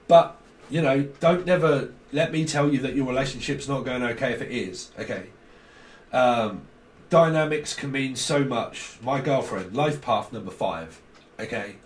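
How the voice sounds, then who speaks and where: A man giving a casual, rambling tarot reading full of jokes. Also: medium pitch. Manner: rambling, joking, laughs often. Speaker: tarot reader. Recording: roomy, distant mic.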